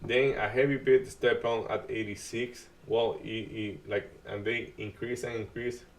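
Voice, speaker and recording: A man's voice: lowish voice, steady tone, recorded from a distance. Man talking through live trades. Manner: halting, restarts often, non-native grammar. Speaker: day trading stream host. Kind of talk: live market commentary.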